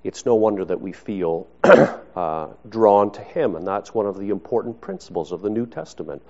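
A man's voice: lowish voice, animated, warm tone, dull audio. Man preaching a conversational sermon. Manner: conversational, unhurried, with rhetorical asides. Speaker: pastor.

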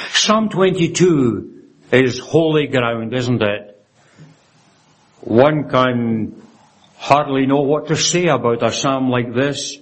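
Guy preaching a sermon, earnest, kinda halting, keeps saying isn't it, mid pitch voice. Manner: earnest, often ends points with "isn't it?" and quotes scripture reverently; stumbles and restarts phrases.

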